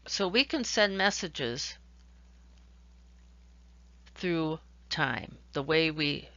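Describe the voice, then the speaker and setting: A woman's voice: low voice, lively intonation, drawn-out words, bright, forceful tone, no room sound, highs cut off. A woman teaching a recorded lecture, explaining ideas with worked examples and shifting emphasis. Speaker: instructor.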